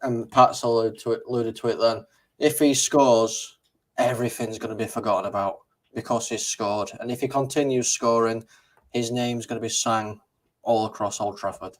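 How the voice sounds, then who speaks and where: A man's voice: medium pitch, fairly even intonation, moderate pace. A man co-hosting a fan show, giving blunt, firm football opinions in casual chat. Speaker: co-host.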